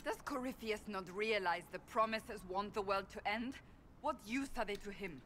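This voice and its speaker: A woman voicing a stern, proud female warrior who speaks gravely and bluntly. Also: medium pitch, a bit bright, slight background noise, lightly acted. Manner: grave, measured reading.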